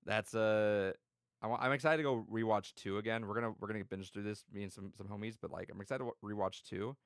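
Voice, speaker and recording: A man's voice: fairly low pitch, fairly even intonation, quick pace, smooth, no room sound, clean studio sound. A man hosting a casual podcast chat, rambling and swearing with lots of restarts.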